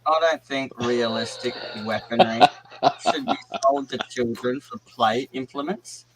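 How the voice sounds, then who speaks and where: A man's voice: medium pitch, unhurried, background noise. Brief: rambling, chatty male co-host on a live stream. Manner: chatty, rambling, repeats himself. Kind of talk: casual chat on a live stream.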